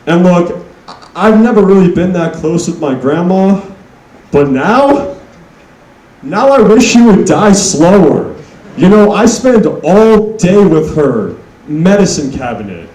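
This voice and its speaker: A young man works through a stand-up set at an unhurried pace, deadpan and self-mocking. He builds to loud punchlines. His voice sits a little high, and it comes from off the mic in an echoey room. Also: distant mic. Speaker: stand-up comedian.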